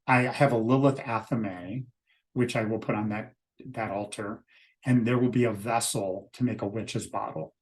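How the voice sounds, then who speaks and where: A man leading a ritual, explaining it step by step in a steady, methodical way. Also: fairly low pitch, moderate pace. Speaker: ritual leader.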